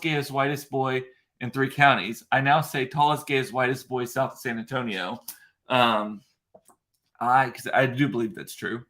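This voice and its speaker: A man's voice: medium pitch, a bit bright. Chatty man rambling on. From South Texas. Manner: chatty and rambling, with many fillers and restarts; answers viewer comments as he talks. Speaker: vlogger. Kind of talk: casual live-stream chat.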